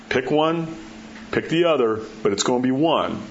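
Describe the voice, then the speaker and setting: A pastor giving a sermon in a conversational way, acting out the quotes and dropping his voice low to drive points home. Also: animated, moderate pace. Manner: conversational preaching, acts out quotes, drops low for emphasis. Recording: dull muffled sound with faint background hiss.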